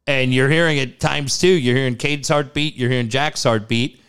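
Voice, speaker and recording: Man, casual storytelling, animated, jumps up high when quoting people. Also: normal speed, smooth. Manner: animated, acts out quotes with big pitch jumps. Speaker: guest telling a personal story.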